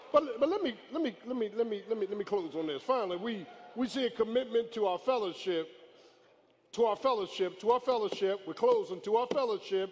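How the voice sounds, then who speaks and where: A male pastor preaching a sermon in a church, moving from soft, quick storytelling to drawn-out shouted lines. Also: high voice, long reverb tail, a little hiss or hum. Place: church sanctuary.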